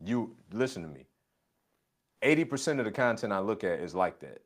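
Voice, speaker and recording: A man's voice: on the low side, sing-song, brisk. A man coaching a colleague in a casual conversation, emphatic and repeating his catchphrases. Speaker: business coach.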